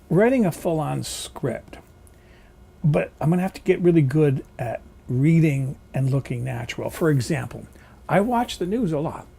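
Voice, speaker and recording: A man speaking in a casual, rambling, opinionated vlog at home. His voice is lively and varied in pitch, with a dark, gravelly and husky tone. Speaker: vlogger. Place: home kitchen.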